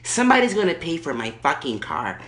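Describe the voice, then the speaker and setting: A man voicing an angry, entitled middle-aged woman on a prank phone call, loud and crude, talking over the other person. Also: a little high, huge pitch swings, a little fast. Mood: ranting.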